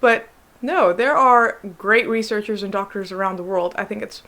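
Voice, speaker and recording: A woman's voice: mid-range voice, moderate pace, pushed and bright. A young American woman with a general American accent, a doctor and vlogger chatting to camera, answering claims with exasperated sarcasm. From United States. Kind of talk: casual chat to camera.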